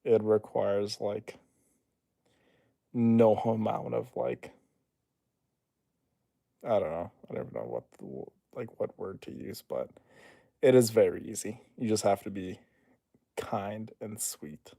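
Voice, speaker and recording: A young man streaming and reading chat, teasing his viewers playfully and then turning soft and reassuring. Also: lowish voice, expressive, slow, vocal fry, long pauses, dry recording, studio quality.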